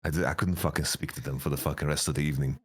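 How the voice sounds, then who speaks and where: A man in his thirties, a guest telling profane, rambling stories in a casual interview, his voice getting raspy. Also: a bass voice, steady tone, rapid-fire. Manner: rambling, profane, laughing storyteller. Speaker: esports coach, interview guest.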